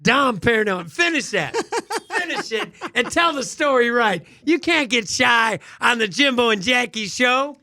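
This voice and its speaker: A man co-hosts a podcast, his voice pitched high and swinging widely. The tone is bright and forward, and the room sounds dry. He talks in a boisterous, laughing way. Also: expressive, a little slow, dry recording. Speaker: podcast co-host. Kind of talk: casual chat.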